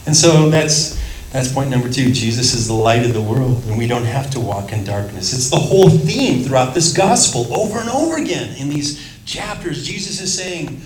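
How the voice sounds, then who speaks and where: A man leading a Bible study, teaching in a lively way, laughing often and acting out the voices he quotes. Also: medium pitch, normal speed, echoey room, background noise.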